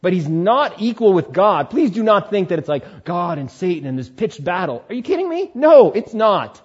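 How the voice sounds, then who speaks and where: A man preaching a sermon, switching between animated exhortation and quiet, soothing asides. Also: high voice, moderate pace, husky, dull audio. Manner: animated preaching, drops to quiet soothing tones when voicing tempters. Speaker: pastor.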